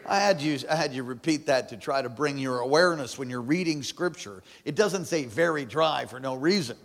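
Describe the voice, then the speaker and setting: A man preaching a sermon as pastor, calling on the congregation to repeat after him, moving from hushed lows to shouted peaks. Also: a little fast. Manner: call-and-response preaching, swings from hushed to shouting. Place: church sanctuary. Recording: long hall reverb.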